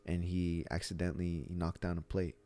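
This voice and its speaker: This middle-aged gym owner has a deep, dark voice and a level tone, speaking at normal speed in a casual podcast chat. His stories wander, and he restarts many times.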